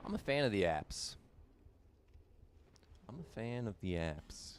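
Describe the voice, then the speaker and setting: A young man with a low, deep voice talks casually while he plays a game on a live stream. He rambles, repeats lines and answers viewer comments as they come in. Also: big pitch swings, takes it slowly, slight background noise. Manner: chatty, repeats himself, answers viewer chat.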